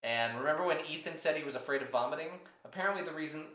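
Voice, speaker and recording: A man co-hosting a podcast, reading listener emails aloud and adding quick, sheepish quips. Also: on the high side, bright, forceful tone, roomy sound. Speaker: podcast co-host.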